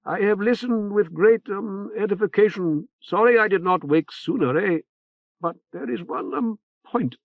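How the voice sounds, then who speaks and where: A man's voice: sits high, unhurried, vocal fry, no echo, voice pushed up. A man playing a nasal, hemming old cleric. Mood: hesitant. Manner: hesitant, full of ums and ehs. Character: fussy elderly male cleric, hesitant. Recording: tinny phone-like band.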